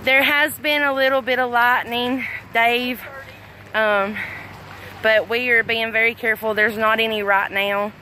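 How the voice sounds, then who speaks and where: A middle-aged Southern woman from Arkansas talks in an unhurried, drawn-out way, her voice sitting a touch high. She chats warmly to her viewers from outdoors, slightly out of breath, with a phone mic at arm's length and faint wind and traffic behind her. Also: fairly even intonation, poor audio. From Arkansas, USA. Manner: chatty, affectionate, reads comments aloud, frequent laughs. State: a little out of breath. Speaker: livestream host. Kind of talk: casual livestream chat. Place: outdoors at a fireworks tent after a storm. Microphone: phone held at arm's length.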